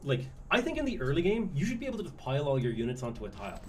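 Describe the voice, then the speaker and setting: A man casually coaching a friend through a strategy game, giving relaxed tips with the odd curse. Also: on the high side, rapid-fire, slight background noise. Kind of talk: casual gameplay chat.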